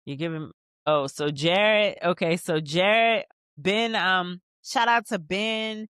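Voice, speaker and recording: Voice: medium pitch, a bit bright, clear, resonant tone, no room sound, clean studio sound. A podcast host giving a casual rewatch recap of a TV episode, chatting straight to viewers and reading out scene lines between asides.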